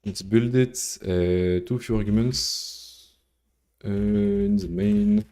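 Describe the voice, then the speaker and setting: A man's voice: medium pitch, animated, takes it slowly, gravelly, dark tone. A man whose first language is French, casually thinking aloud while live coding and chatting with viewers, swearing now and then. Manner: rambling, swears casually, chats with viewers between code steps. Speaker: coding livestreamer.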